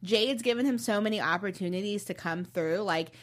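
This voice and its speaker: A young woman co-hosting a casual TV recap chat, opinionated and expressive. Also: medium pitch, fairly quick. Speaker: co-host.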